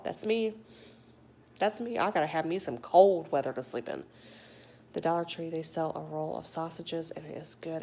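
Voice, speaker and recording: Brief: middle-aged woman, lower voice, chatty livestreamer, slips into whispered asides, phone mic, faint room hum. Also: creaky. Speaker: livestreamer reading viewer chat. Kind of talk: casual live chat. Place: home in a warm state.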